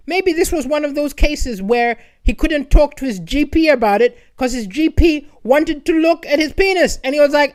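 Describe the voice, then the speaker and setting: A man hosting a comedy live stream, telling stories and answering viewer comments in a chatty manner that rises to excited emphasis, talking into a streaming microphone. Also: very high voice, normal speed. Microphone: streaming microphone with adjustable levels.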